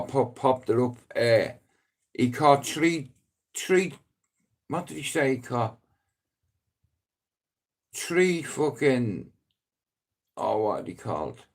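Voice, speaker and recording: A middle-aged man with a Dublin accent rambling on a casual live stream, swearing freely and breaking into loud emphatic outbursts. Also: mid-range voice. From Ireland.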